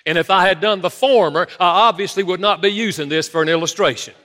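Male pastor, sermon, animated storyteller, bright forceful voice, long hall reverb. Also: high-pitched, quick pace. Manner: animated storytelling preacher, addresses congregation.

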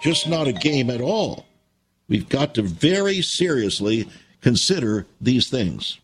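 A male preacher hosting his own ministry broadcast, reading scripture with emphasis and speaking straight to listeners as friends. His pitch rises and falls a great deal, and his voice has a husky edge. Soft music plays faintly behind him. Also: very animated, unhurried. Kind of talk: radio sermon with donation appeal.

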